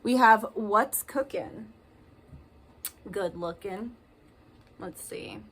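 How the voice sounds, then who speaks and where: Bright-voiced chatty woman reading tarot. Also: medium pitch, very slow, slight background noise. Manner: chatty, reads card messages aloud with emphasis. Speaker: tarot card reader.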